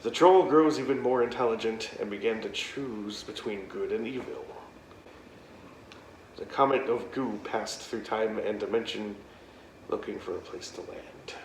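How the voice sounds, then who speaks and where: A man's voice: fairly low pitch, measured pace. Laid-back male vlogger reading card backs with mock drama, roomy home recording, faint hiss. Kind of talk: reading trading cards aloud, laid-back. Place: home room. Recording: roomy, faint background noise.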